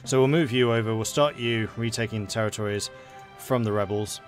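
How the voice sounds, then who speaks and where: A man's voice: mid-range voice, fairly even intonation, fairly quick, few pauses, faint music behind. A man casually commenting on a strategy game during a live stream, chatty and thinking aloud with frequent fillers.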